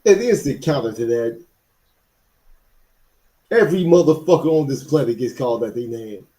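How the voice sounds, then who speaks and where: A man's voice: mid-range voice, expressive, moderate pace, warm tone. A man co-hosting a casual streamed chat, chiming in with blunt, profane remarks.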